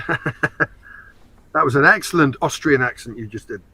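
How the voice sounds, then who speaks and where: Husky man explaining on a podcast. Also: medium pitch, a little slow, sharp tone, poor audio. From England. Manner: knowledgeable, teasing, explains at length. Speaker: co-host and show expert. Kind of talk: casual podcast chat.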